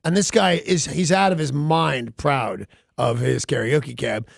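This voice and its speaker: A man's voice: mid-range voice, a little slow, vocal fry, dry recording, studio quality. A man hosting a morning radio show, telling a rambling story with wry self-mocking humor. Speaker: radio host. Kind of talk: casual morning radio chat.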